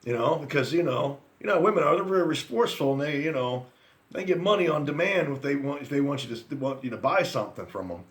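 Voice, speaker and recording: A man's voice: a little high, fast talker. A man in his forties telling rambling, profane stories about his friends and past, laughing at his own anecdotes. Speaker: vlogger. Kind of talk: casual storytelling rant.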